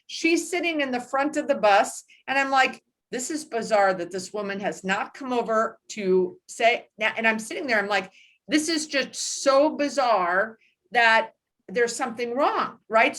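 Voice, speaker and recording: During a casual book club discussion, a woman in her sixties with a fairly high voice shares a personal story. She tells it in an animated way, laughing and slipping in quick asides.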